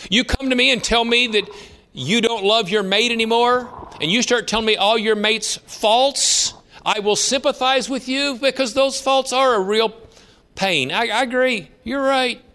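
A man's voice: extremely high pitch, a little slow, bright, forceful tone. A man in his fifties preaching a sermon, telling stories in a conversational way with emphatic rises. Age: 50s. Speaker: pastor.

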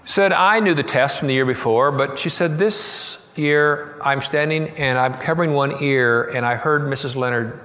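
A middle-aged man preaching a sermon, telling a story and quoting it with slow, soft emphasis. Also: mid-range voice, in a large hall. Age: middle-aged or older. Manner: storytelling, quoting, slowing and softening for tender moments. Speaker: pastor.

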